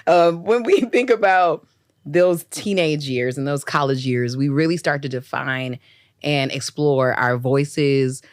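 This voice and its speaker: A woman's voice: deep voice, steady tone, a little slow, dry recording, clean studio sound. Upbeat young woman podcast host. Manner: encouraging, lots of affirmations and laughter. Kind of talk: interview.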